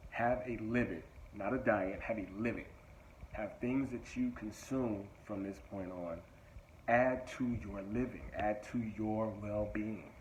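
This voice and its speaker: A man's voice: lowish voice, a little mellow, a little hiss or hum, poor audio. A man delivering a motivational monologue, emphatic and repetitive, urging listeners directly. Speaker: motivational speaker.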